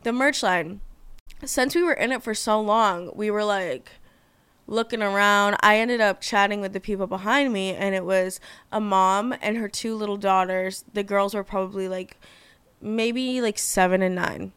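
A chatty young woman talks on her solo podcast, gushing and peppering her speech with fillers and casual swearing. Her voice is smooth and clear, recorded close and dry with no room sound. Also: medium pitch, steady tone, moderate pace, fairly bright tone, no echo. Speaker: podcast host.

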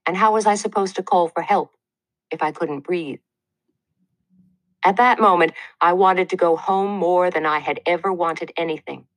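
Brief: woman narrator, earnest, measured audiobook read, lower voice, dead-dry booth sound. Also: no echo, rough recording. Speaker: narrator of a memoir.

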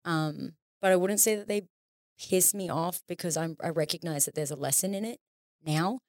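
Candid woman, low voice, dry sound. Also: normal speed, no room sound. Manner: candid, swears freely, acts out quoted inner voices. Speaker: podcast guest. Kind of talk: casual conversation.

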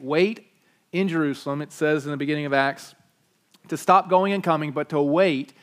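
A man's voice: a little high, normal speed. A man preaching a sermon, emphatic and repetitive, with frequent restarts. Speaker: pastor.

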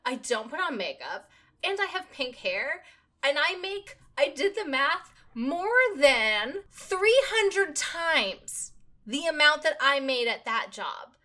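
Bright-voiced young woman telling stories. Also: high voice, slow. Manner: animated storyteller, acts out quotes. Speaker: podcast host. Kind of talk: casual chat.

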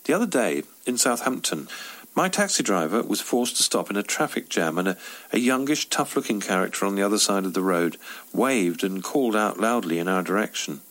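A man reading his own devotional story aloud, wry and expressive. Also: lowish voice, fairly quick.

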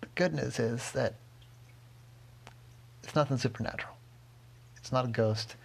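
A man voicing a calm, helpful male problem-solver in a bedtime story, measured and reassuring. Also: medium pitch, creaky, breathy edge.

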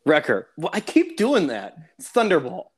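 A man's voice: on the high side, huge pitch swings, moderate pace, slightly rough. A man co-hosting a casual podcast who talks with enthusiasm, laughs a lot and retells scenes in chat. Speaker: podcast co-host.

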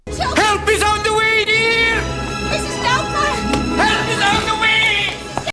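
A man's voice: extremely high pitch, steady tone, slow, sharp tone, no room sound, soft background music, voice pushed up, exaggerated voice, low-quality recording. A man voicing a chirpy female self-checkout machine, sing-song and drawn out.

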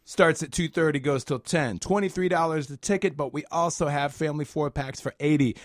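A man being interviewed on the radio as a musician and festival organizer, talking in a relaxed, rambling way with fillers. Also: on the high side, fairly quick, few pauses, no room sound, studio quality.

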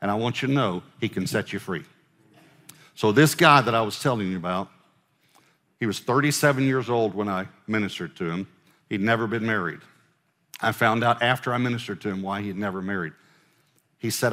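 A man preaching a sermon as pastor, pressing questions on the congregation and slowing down to read scripture. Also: fairly low pitch, a bit bright. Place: church auditorium. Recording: long hall reverb.

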